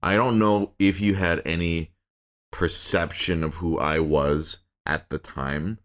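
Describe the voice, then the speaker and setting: A man's voice: low-pitched, steady tone, slow. A man hosting a casual podcast chat, joking and rambling with many restarts. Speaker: podcast host.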